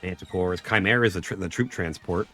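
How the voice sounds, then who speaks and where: Joking, profane male streamer with a low voice. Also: fairly quick, faint music behind. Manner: joking, profane, lively banter. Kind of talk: casual gaming chat.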